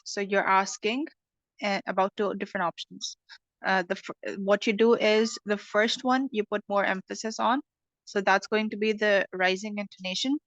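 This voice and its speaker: A woman's voice: mid-range voice, a bit bright, dry recording, lo-fi sound. A woman teaching an online English class, explaining patiently and checking in with "okay".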